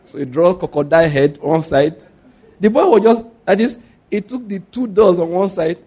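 Lively preacher man. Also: high voice, normal speed, slightly rough. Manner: animated storytelling with call-and-response questions and laughter. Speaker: pastor. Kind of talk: sermon.

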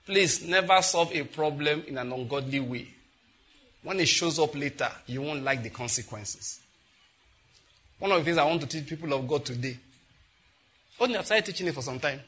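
A man with a Nigerian accent preaching a sermon, telling scripture stories with sudden animated exclamations. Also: fairly high pitch, normal speed, pauses often, husky.

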